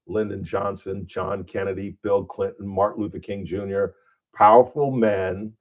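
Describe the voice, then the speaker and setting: A male radio talk show host chatting casually, telling a joke and letting his voice climb high on the punchlines. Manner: animated storyteller, voice jumps high on punchlines.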